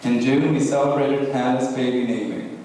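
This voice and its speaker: A man's voice: medium pitch, steady tone, normal speed, warm tone, slight background noise. Man reading slideshow captions in a hall. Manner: plain, matter-of-fact captions. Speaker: son narrating a slideshow. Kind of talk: slideshow narration. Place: hotel banquet hall. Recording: echoey banquet hall from far off.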